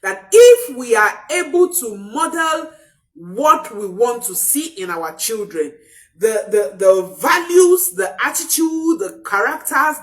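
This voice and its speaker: A woman parenting coach giving an emphatic motivational talk, often repeating key phrases for stress. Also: fairly high pitch.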